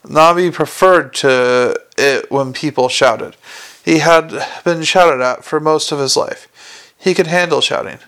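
Gravelly, smooth male storyteller. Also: fairly high pitch, unhurried. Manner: steady storytelling with voiced characters. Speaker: audiobook narrator. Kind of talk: scripted narration.

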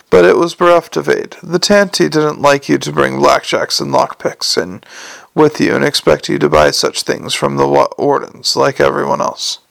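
A man narrating a fantasy audiobook in a measured, wry storytelling manner. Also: on the high side, creaky, a bit bright, no room sound.

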